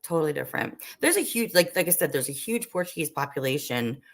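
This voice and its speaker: A woman's voice: sits low, lively intonation, fast. A woman from the Northeastern United States hosting a livestream, chatting casually with viewers in a rambling way, full of "like" and "um". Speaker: livestream host. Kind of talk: casual chat while cooking, answering viewer comments.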